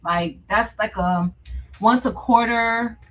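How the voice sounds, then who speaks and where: A woman's voice: on the high side, slow, a bit bright, poor audio. A woman hosting a casual livestream, chatting with her viewers, calling them "y'all" and laughing often. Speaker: livestream host.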